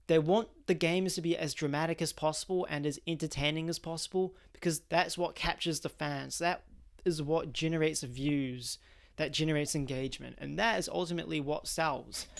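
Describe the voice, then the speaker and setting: Gravelly-voiced young guy ranting. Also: on the high side, moderate pace. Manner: blunt and slangy, laughs at his own jokes. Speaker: podcast host. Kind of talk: casual opinion rant.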